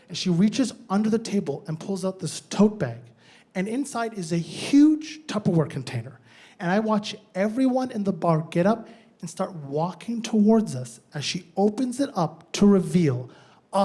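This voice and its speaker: Man, stand-up comedian, high voice, animated punchy storytelling, on stage.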